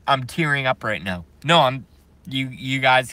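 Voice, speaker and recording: A man's voice: mid-range voice, expressive, a little slow, sharp tone, no echo. A man on a live stream, talking to his viewers and reading their chat, emphatic and repetitive, often laughing in disbelief.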